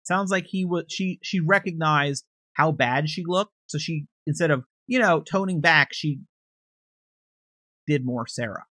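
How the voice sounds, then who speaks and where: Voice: mid-range voice, measured pace, sharp tone, dry recording, studio quality. A commentator casually recapping video footage in a conversational, hedging way, with frequent restarts and unsure asides.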